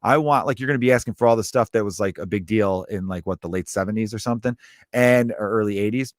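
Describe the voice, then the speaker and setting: A man's voice: on the low side, quick pace, no echo, studio quality. A man hosting a comedy podcast, ranting in a profane, loose way and jumping between topics.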